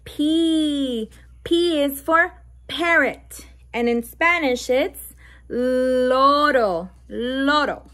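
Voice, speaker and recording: Woman reading a kids abc book, super slow, sounding out letters, silly animal noises, kinda high voice. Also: fairly bright tone. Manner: playful animal sound effects. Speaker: children's book reader. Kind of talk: reading a bilingual picture book aloud to toddlers.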